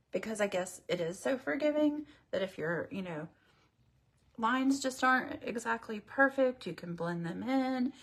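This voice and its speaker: A woman hosting a casual makeup tutorial livestream, chatting and rambling to her viewers as she works. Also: mid-range voice. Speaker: beauty livestream host.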